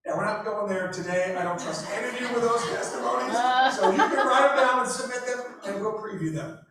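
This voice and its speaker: A man's voice: high-pitched, brisk, a crowd in the background. A man leading a small-group Bible study, reading verses aloud and asking the group questions while acting out the angry king. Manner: animated, asks the group questions, acts out the king. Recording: echoey room recorded from a distance.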